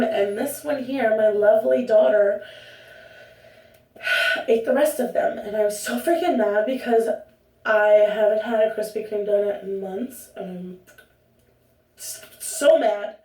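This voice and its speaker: A young woman vlogger chats casually to the camera in a rambling way, interrupting herself as she goes. Her voice sits on the high side with a slightly mellow quality. The room is echoey and she's distant from the mic.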